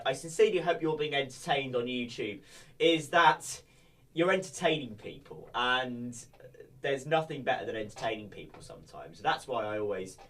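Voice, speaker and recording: In a relaxed podcast conversation, the young adult guest from England cracks jokes and stays animated. He deliberately turns up his energy level.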